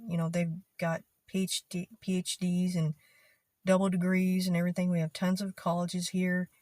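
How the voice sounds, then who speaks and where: A woman with a lower Panhandle West Texas accent who speaks slowly, drawing her words out with a twang, giving a casual explainer to camera. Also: darkish tone, no room sound. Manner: slow drawl, draws her words out with a twang. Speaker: vlogger.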